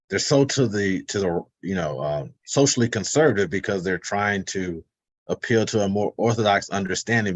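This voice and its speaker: A man with a fairly low, husky voice explains in loose, casual talk, his pitch rising and falling a lot. He drops in fillers and acts out the quotes in his stories. The sound is dry and close, as on a video call. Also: dry recording. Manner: conversational, many fillers, tells anecdotes with quoted voices. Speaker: panelist on a webinar.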